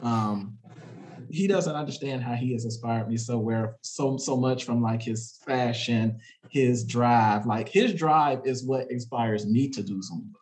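A man sharing warm words in a relaxed conversation, halting often and laughing between phrases. His voice sits at an ordinary mid pitch. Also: poor audio. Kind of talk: casual chat among friends.

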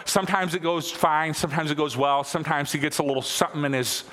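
A pastor in his thirties preaches in a bright, forceful, slightly high voice at a quick pace. He keeps it conversational, repeats phrases for emphasis and builds to excited peaks, with a church hall's long reverb behind him.

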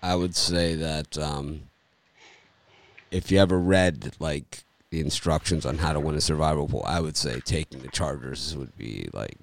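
A man's voice: very deep voice, normal speed, creaky. A man hosting a casual sports picks chat, joking and laughing often. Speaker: podcast host.

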